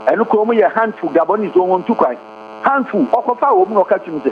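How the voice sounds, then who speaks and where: A man's voice: sits high, lively intonation, quick pace. A Ghanaian man speaking as a guest commentator, impassioned and firing off rhetorical questions. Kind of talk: heated interview talk. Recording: tinny phone-like line, faint hum.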